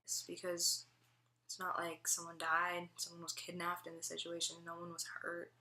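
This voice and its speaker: A woman's voice: fairly low pitch, monotone, moderate pace, pushed and bright. A young woman telling a personal faith testimony, chatty and full of "like" fillers. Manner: chatty, heavy use of "like" fillers. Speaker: student giving a testimony. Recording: roomy echo.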